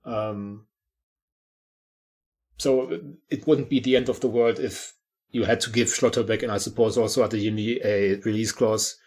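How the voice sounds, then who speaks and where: A man co-hosting a podcast in casual discussion, explaining things in a measured way. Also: fairly low pitch, steady tone, a little mellow. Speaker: podcast co-host.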